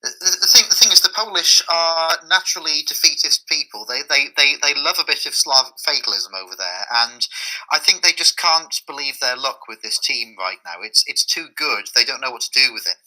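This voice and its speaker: A man's voice: on the high side, animated, normal speed, sharp tone, poor audio. A man co-hosting a casual podcast chat, stumbling through restarts before landing dry, wry remarks. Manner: hesitant, with many stumbling restarts. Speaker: podcast co-host.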